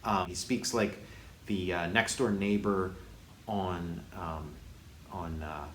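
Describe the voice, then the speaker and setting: A man hosting a casual movie review, halting often with restarts and fillers. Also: low-pitched, fairly even intonation. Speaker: host, film reviewer. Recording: echoey room with faint hiss.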